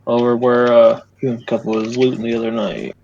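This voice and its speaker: A man playing a survival game with a friend, calmly talking through driving and looting. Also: medium pitch, a little fast, vocal fry, highs cut off, a crowd in the background. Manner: easygoing, directs the action. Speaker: gaming teammate. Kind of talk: casual gaming chat.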